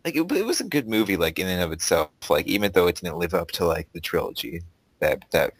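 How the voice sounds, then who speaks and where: A man's voice: deep voice, very animated, fast talker, husky, no room sound, low-quality recording. A young man hosting a casual podcast chat, rambling with lots of "like" and laughing easily. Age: young adult. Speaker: podcast host.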